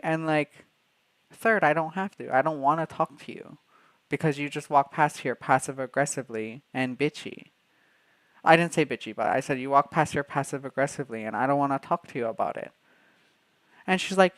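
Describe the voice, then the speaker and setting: A man's voice: on the high side, normal speed, a bit bright, no room sound. A young man from Canada, a streamer telling a workplace story in casual livestream chat, swearing freely.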